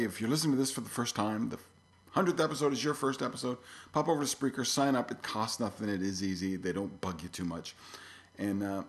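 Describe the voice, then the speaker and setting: A middle-aged man hosts his own podcast in a loose, casual way, circling back on himself and filling gaps with plenty of ums and uhs. His voice sits a little low. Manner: rambling, many fillers and restarts. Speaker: podcast host. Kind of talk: casual solo podcast talk.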